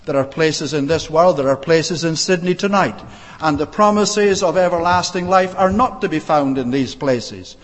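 Preacher, man, measured sermon delivery, slightly high voice, recorded in a reverberant church. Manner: measured preaching with frequent uh fillers and restarts. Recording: long reverb of a church hall.

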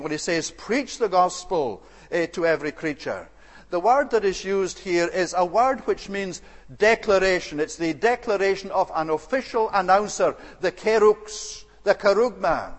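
A male preacher delivering a sermon in an earnest, deliberate way, with hesitant fillers now and then. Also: sits high, big-room sound.

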